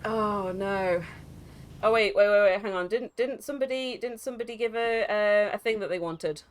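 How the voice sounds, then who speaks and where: A woman streaming a game from home, giggling and breaking into loud outbursts, her throat sore from laughing. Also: medium pitch, moderate pace, a little hiss or hum. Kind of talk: casual live-stream chat.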